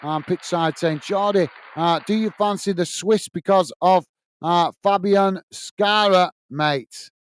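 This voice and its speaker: Chirpy guy doing live footy watchalong, high smooth voice, dry close sound, reads chat and calls the game. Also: takes it slowly, dry recording. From United Kingdom. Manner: upbeat, reads out viewer messages and calls the play. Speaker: watch-along host. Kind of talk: live football commentary and chat reading.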